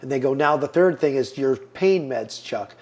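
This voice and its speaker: A man's voice: mid-range voice, expressive, moderate pace, darkish tone. A man in his fifties, a podcast guest, giving an earnest personal testimony and acting out the lines people said to him. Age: 50s. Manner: earnest storyteller, acts out quoted lines.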